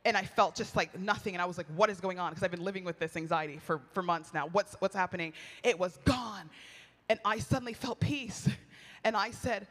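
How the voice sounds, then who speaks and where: A woman speaking at a women's retreat, telling personal stories in a lively, chatty sermon style, often laughing and acting out what people said. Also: mid-range voice, normal speed. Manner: animated, chatty, laughs often, acts out quoted lines. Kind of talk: storytelling sermon. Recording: long hall reverb.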